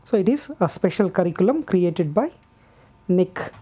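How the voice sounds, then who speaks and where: Patient woman teacher, unhurried, low and mellow, repeats herself for clarity. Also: animated, breathy edge. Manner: patient and deliberate, repeats key words, frequent "uh" pauses. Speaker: English teacher. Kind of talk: slow classroom explanation.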